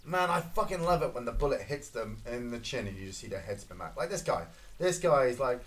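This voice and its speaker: A Scottish man giving casual, excitable gameplay commentary, swearing and reacting loudly to each kill. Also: mid-range voice, quick pace. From Scotland. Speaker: gaming streamer.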